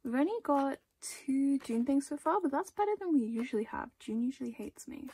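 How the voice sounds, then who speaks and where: A woman's voice: high-pitched, animated, a little fast, mellow. A young woman chatting casually through an album unboxing, gushing, with small gasps between items.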